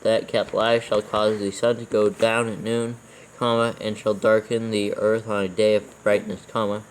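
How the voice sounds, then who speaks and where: A man reading scripture aloud word by word for proofreading, calling out every comma and capital letter in a steady, even way. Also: lowish voice, normal speed, slight background noise, low-quality recording. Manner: steady, even reading, calls out punctuation marks. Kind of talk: dictating text with punctuation.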